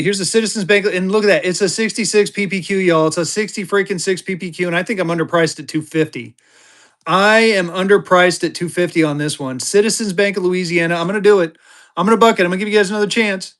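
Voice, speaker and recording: A seller running a live online auction rattles off fast sales patter, repeating phrases as bids arrive. He grows excitable, his voice jumping high whenever the bidding heats up.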